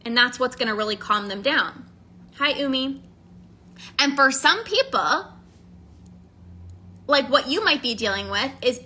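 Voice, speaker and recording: Woman coach, high bright voice, earnest and emphatic, repeats herself for stress. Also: expressive, unhurried, pauses often. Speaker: emotional eating coach. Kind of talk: casual candid monologue.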